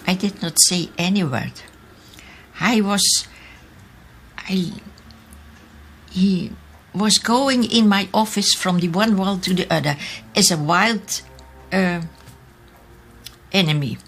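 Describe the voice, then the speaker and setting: Slow, halting older woman. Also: medium pitch, faint music behind. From Austria. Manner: halting, searching for English words. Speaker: interviewee, eyewitness. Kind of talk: recalled testimony in an archive interview.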